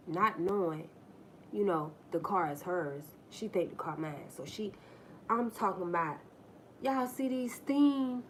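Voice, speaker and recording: A woman's voice: mid-range voice, expressive, measured pace. Woman streamer telling stories off the cuff, blunt and salty, mid-range voice, faint hiss behind. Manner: blunt, profane, talks straight to viewers; acts out the people in her stories. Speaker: livestream host. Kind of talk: casual live-stream storytelling.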